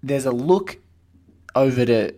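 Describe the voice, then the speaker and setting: A man hosting a podcast, chatting casually about a film in an excitable, rambling way and acting out quotes. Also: medium pitch, unhurried. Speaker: podcast host.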